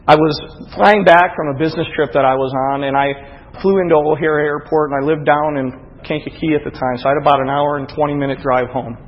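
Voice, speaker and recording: A man preaching a sermon, moving from quiet storytelling to rising, emphatic preaching. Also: mid-range voice, a little hiss or hum. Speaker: pastor. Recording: dull, echoey hall audio.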